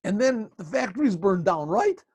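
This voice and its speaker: A man voicing a ruined middle-aged merchant who is overjoyed, his exclamations rising excitedly. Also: high voice, normal speed, breathy edge, pitched above the performer's own voice, exaggerated voice. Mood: gleeful.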